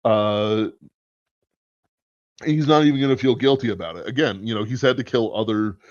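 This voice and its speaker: With a fairly low pitch at a normal speed, a podcast host rambles casually through his thoughts and swears occasionally. The recording is dull lo-fi, dry and without room sound.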